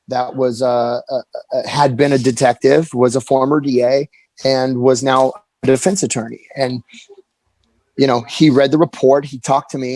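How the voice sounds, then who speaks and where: A man in his forties telling a candid personal story as an interview guest, earnest and halting, often restarting his sentences. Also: mid-range voice, darkish tone, dry recording, low-quality recording.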